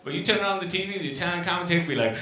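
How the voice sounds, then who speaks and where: Guy doing stand-up, kinda high voice, swears a lot, goes from yelling to mumbling, echoey club. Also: rapid-fire. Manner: animated, profane, swings from shouting to muttering. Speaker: stand-up comedian. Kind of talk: stand-up routine. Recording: echoey club room with ambience.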